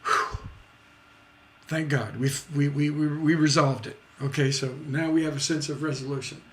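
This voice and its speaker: A man's voice: a little high, steady tone, fairly quick. A man teaching songwriting on a livestream. He talks casually with fillers and restarts, and sings out rhythms with beat sounds. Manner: demonstrates rhythms by vocalizing beats; chatty, with many fillers and restarts.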